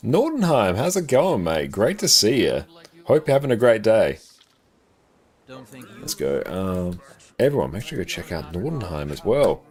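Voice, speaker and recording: A man with a South Australian accent gives casual live commentary as he plays a game and reads chat, tossing in dry, relaxed jokes. His voice is on the low side, unhurried, with frequent pauses.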